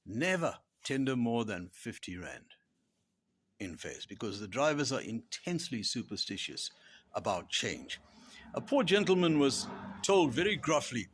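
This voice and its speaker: A man giving a humorous spoken commentary, wry and deadpan, dropping into whispered asides. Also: mid-range voice, breathy edge. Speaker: blogger and author.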